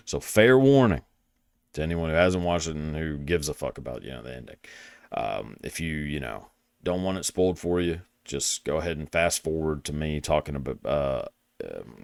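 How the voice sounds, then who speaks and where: Deep-voiced Southern man, crude and rambling. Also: dry recording, studio quality. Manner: crude, rambling, self-deprecating, swears a lot. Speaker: podcast host. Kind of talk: casual monologue.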